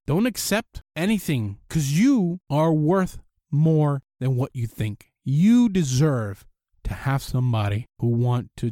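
A man hosting a podcast, giving blunt, animated dating advice in a casual monologue and swearing freely. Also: on the high side, no room sound, clean studio sound. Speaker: podcast host.

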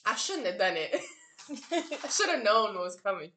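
A woman's voice: medium pitch, big pitch swings, moderate pace, sharp tone, echoey room, a little hiss or hum. A woman telling a crude story in casual podcast chat, laughing often. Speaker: podcast co-host.

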